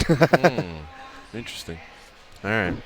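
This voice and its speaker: A male radio co-host in casual sports chat. His pitch swings widely as he talks, and he tells stories animatedly, putting on voices for whoever he quotes. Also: takes it slowly, slight background noise. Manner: animated storyteller, does voices when quoting people.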